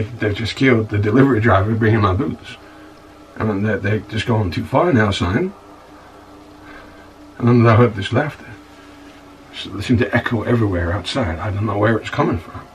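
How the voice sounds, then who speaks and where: A man's voice: fairly low pitch, recorded from a distance, slight background noise, lightly acted, poor audio. A man playing a stammering aggrieved bar owner. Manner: stammering, repeats words, calls the listener "son". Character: rough, self-pitying male bar-owner scoundrel. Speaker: bar owner recounting his troubles. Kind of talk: monologue in a comedy-drama web series.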